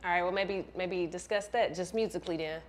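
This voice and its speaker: Low-voiced woman interviewer, casual slang. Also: a little fast. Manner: short backchannel affirmations, casual slang. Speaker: interviewer host.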